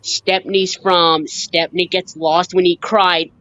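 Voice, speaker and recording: Slow-talking woman fan on a live stream. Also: on the low side, flat delivery, a bit bright, highs cut off. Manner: slow, halting, lists scenes and quotes lines. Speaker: fan sharing a book collection. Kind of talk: casual live-stream chat.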